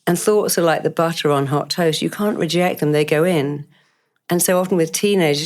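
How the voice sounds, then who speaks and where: Low-voiced woman telling therapy stories. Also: normal speed. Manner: animated, emphatic, quotes herself. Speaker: therapist guest. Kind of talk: interview storytelling.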